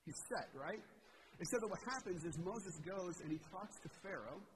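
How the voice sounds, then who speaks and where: A man's voice: high-pitched, expressive, normal speed, noisy background. Preaching man in a reverberant hall. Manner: casual, rhetorical "right?" asides. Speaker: pastor. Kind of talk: conversational sermon. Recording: reverberant hall with clear background ambience.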